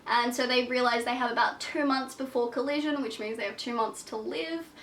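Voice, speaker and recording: A woman's voice: on the high side, fairly even intonation, a little fast, fairly bright tone, distant mic, a little hiss or hum. A young woman with a sick, congested voice, chatting casually and emphatically as a book vlogger. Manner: chatty, emphatic, self-deprecating. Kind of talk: casual vlog chat. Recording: echoey room, voice set back from the mic.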